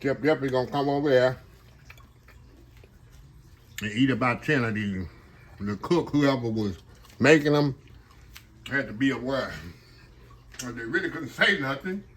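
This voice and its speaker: A middle-aged man and kitchen manager chatting excitedly in a casual cooking vlog, talking to viewers from his kitchen while the camera sits on a tripod. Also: mid-range voice, measured pace, pauses often. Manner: chatty and excited, keeps addressing viewers as y'all. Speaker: home cook and kitchen manager. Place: home kitchen, indoors.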